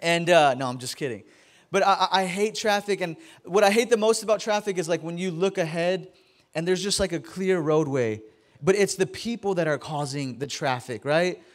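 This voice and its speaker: In a church sanctuary, a pastor in his thirties with a high-pitched voice preaches a casual, joking sermon at normal speed. He often stammers and repeats words as he addresses his congregation.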